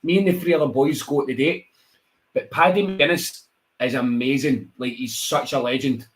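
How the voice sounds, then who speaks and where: On a radio show, a wrestler from Scotland swaps stories in easygoing conversation, performing the different voices and frequently laughing. His voice is mid-range, and his pace is moderate.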